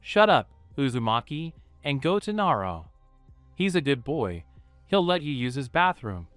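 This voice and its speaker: A man voicing a bossy, sharp-tongued young kunoichi woman, curt and scornful. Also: medium pitch, very animated, unhurried, dry recording, faint music behind.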